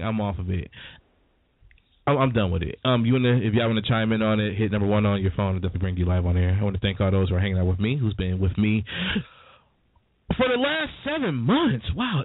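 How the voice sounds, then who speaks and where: Lively man hosting radio. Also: fairly low pitch, dry recording. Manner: animated, chatty, laughs while telling stories. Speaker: morning radio host. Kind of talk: casual radio talk and storytelling. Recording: dry, tinny phone-like sound.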